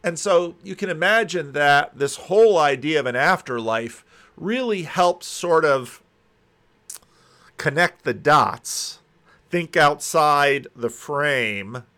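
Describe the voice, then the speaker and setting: A man's voice: fairly high pitch, lively intonation, slow, bright, forceful tone. A man teaching through a Bible passage in a conversational video commentary, musing aloud and landing emphatic punches.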